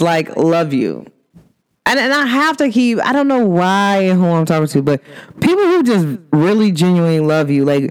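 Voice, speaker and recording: A podcast host from Cincinnati, USA, she has a mid-range, slightly mellow voice. Addressing listeners in a relaxed, slang-filled way, she laughs often and acts out what people told her.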